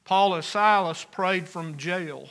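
A pastor preaching a sermon, earnest, rising loud on key phrases and dropping soft. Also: male voice, sits high, slow.

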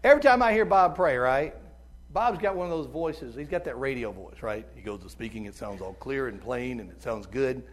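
A middle-aged visiting preacher with a squeaky tenor voice delivers a sermon, impassioned and swinging between loud urging and hushed tones. He is expressive and fairly quick, with slight background noise.

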